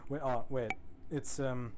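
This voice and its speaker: A relaxed young man chatting through a shooter game stream, cursing casually and chuckling at what he sees. His voice sits at an ordinary pitch, with clear noise running behind him throughout. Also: unhurried. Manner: laid-back, swears a lot, laughs often. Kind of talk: casual gameplay commentary.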